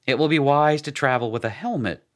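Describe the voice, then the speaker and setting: A man's voice: medium pitch, fairly quick, pitched above the performer's own voice, close to an everyday voice. A man reading a story, voicing a boisterous, proud male warrior guide with grand, declamatory speech.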